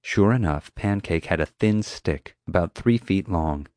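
A man narrating an audiobook in a steady, clear storytelling manner on a close mic. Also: low voice, measured pace, dry recording.

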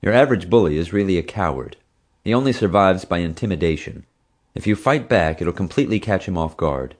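A man's voice: low-pitched, lively intonation, brisk. A man reading an audiobook, voicing a confident, easygoing father who talks bluntly and matter-of-factly. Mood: assured. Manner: blunt, matter-of-fact, assured.

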